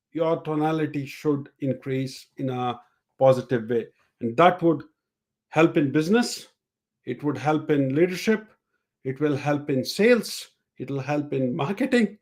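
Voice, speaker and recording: A somewhat high-pitched man with a darkish tone leads a live-streamed coaching session. A sales and communication coach, he explains step by step, repeats his main points, and demonstrates each way of speaking.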